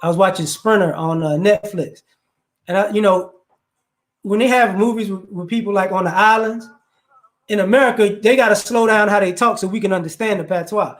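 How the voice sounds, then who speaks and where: Man, high voice, faint New Orleans accent, casual chat, loose and rambling, lots of restarts. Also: fairly quick. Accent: faint New Orleans, mixed with Chicago and DC area. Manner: loose, conversational, frequent restarts and "you know".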